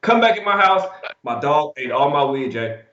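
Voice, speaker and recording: A man co-hosting a sports betting show, telling stories in a casual, animated, slangy way with plenty of swearing. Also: fairly high pitch, moderate pace. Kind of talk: casual storytelling and betting talk. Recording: echoey room, dull lo-fi sound.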